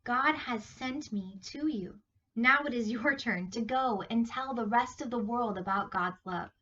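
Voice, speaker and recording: Woman reading as a gentle, solemn storybook Jesus. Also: on the high side, measured pace, lo-fi sound.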